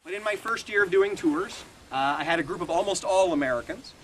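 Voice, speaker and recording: Guy leading a ghost tour, kinda high voice, wry and chatty, noisy outside. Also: fairly quick. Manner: chatty, wry storytelling with chuckles. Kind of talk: storytelling to a tour group. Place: outdoors at a historic fort. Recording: outdoor recording with steady background noise.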